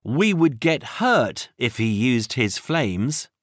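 A calm, sensible young boy in a children's storybook who speaks steadily and practically, as a reader puts him on. He is voiced close to the reader's own tone. The recording is dry and close. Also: medium pitch, slow, no echo. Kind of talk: children's audiobook reading.

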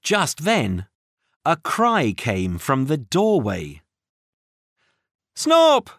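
A storybook narrator who reads very slowly and with great expression, the pitch rising and falling widely. The voice is recorded close, with no room sound at all. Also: wildly swooping pitch, a bit bright, dry recording. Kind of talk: children's audiobook reading.

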